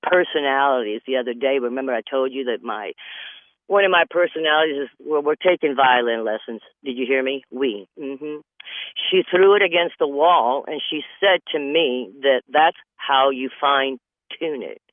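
A man's voice: medium pitch, moderate pace, no echo. Older man rambling through wry comic asides. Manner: meandering, wry asides, repeats "I'm just saying". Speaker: comedian. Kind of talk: rambling stand-up monologue. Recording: dry, tinny phone-like radio audio.

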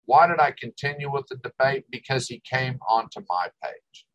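A man's voice: mid-range voice, animated, normal speed, a bit bright, dull audio. An older man hosting a talk show, ranting with exasperation and sarcasm. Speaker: host. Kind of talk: ranting commentary.

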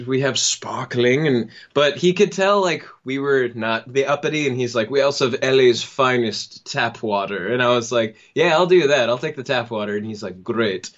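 A young man telling a funny personal story on a podcast, acting out the people in it and laughing now and then. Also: mid-range voice. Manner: animated, acts out the people in his story with quick laughs. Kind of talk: casual storytelling. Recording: dull lo-fi sound.

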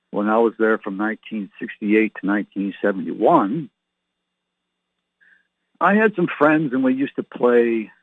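A man's voice: on the low side, breathy edge, no room sound. A man in his sixties hosts his own show alone from an enclosed home patio. He talks in a chatty, joking, meandering way. His voice comes through thin and phone-like, and the sound is dry. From Canada. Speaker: show host. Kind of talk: rambling solo monologue. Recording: tinny phone-like line, dry.

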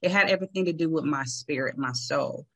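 A woman guest speaks earnestly in an interview, often repeating words as she reaches for her thought. Her tone is bright and forceful, and her voice sits fairly low. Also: a little fast. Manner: earnest, repeats words while searching for them. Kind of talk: interview conversation.

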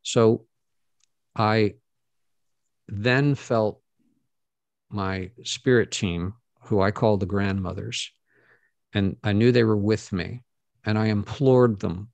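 A middle-aged man speaks in a gravelly, fairly low voice, recorded close and dry. He tells his story earnestly to an audience, stopping and restarting as he goes. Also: a little mellow, no room sound. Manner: earnest, halting, with many fillers and restarts. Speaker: guest speaker.

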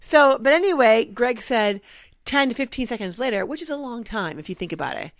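A woman co-host with a bright, fairly high voice tells a comic story in loose, animated chat. The sound is close and dry. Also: brisk, no room sound. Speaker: radio show co-host. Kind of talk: casual comedic chat.

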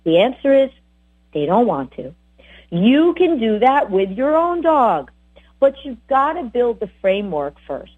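A woman dog trainer giving lively, chatty advice on bonding with dogs. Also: on the high side, measured pace, husky. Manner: animated, chatty, voices the dogs. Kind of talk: casual advice talk. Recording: tinny phone-like audio.

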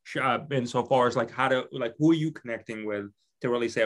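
Male interview host, casual, asks rambling questions full of fillers. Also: mid-range voice. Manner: halting questions full of "like" and restarts.

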